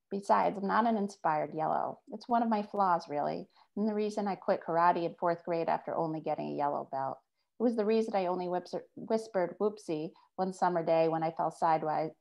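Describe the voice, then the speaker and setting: A woman author reading her own fiction aloud in a measured first-person voice. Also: low voice, creaky, darkish tone, lo-fi sound.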